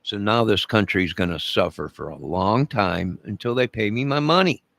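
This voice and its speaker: A man's voice: lowish voice, expressive, moderate pace, creaky, fairly bright tone, no echo. A man delivering an angry, profane, repetitive rant to camera, making demands over and over. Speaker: vlogger.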